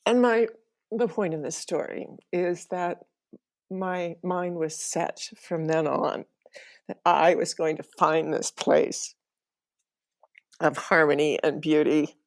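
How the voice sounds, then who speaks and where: A woman's voice: deep voice, steady tone, slow pace, long pauses. A middle-aged woman telling a personal travel story, emotional and laughing now and then as she recalls it. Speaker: podcast storyteller.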